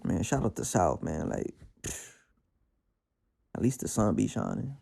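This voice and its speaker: A man from the Bronx with a New York accent, talking through a casual spiritual monologue at home. His voice sits fairly low, with a gravelly rasp and a dark, mellow tone. He speaks in a reflective, streetwise way, full of slang and fillers. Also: big pitch swings, unhurried. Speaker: podcast host.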